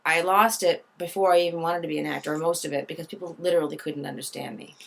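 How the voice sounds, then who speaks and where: A woman with a slightly lowered voice and a faint Boston accent talks freely as an interview guest. She is candid and chatty and pokes fun at herself. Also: fairly even intonation, quick pace, gravelly, a bit bright. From Boston area. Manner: candid, self-deprecating, chatty. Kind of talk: casual interview chat.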